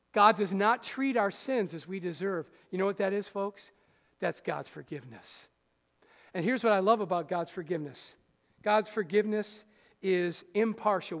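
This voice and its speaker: A pastor with a high voice delivers a sermon, addressing the congregation directly and posing question after question. His delivery shifts from booming and stirring to quiet and gentle, and the church hall echoes with a long reverb.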